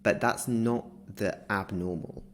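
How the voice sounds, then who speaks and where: A man, a guest in a casual interview, telling a story in a lively way and often laughing through it. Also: lowish voice, takes it slowly, a little hiss or hum.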